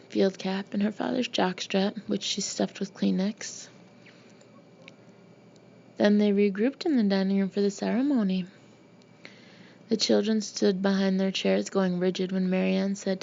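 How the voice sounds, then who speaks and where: A woman narrating an audiobook in a steady, even reading voice. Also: mid-range voice, normal speed, vocal fry. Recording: dull lo-fi recording with faint hiss.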